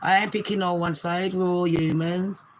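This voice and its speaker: A British woman in her forties hosting a casual live stream from her bedroom, talking fast and swearing freely as she chats to her viewers and calls them babes. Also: fairly low pitch, fairly even intonation, a little hiss or hum, low-quality recording. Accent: British English.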